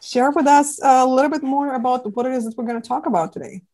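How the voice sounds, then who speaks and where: A woman hosting a business podcast interview, chatty and animated, acting out the people she coaches. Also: high voice, fast talker. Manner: chatty, animated, acts out founders in quotes. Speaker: podcast host. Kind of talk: casual interview.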